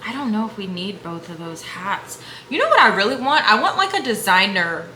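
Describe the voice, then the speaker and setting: A young woman vlogging at home, chatting casually and slangily while shopping online, gasping and whispering when excited. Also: medium pitch, fairly quick. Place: room at home. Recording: echoey room with faint hum.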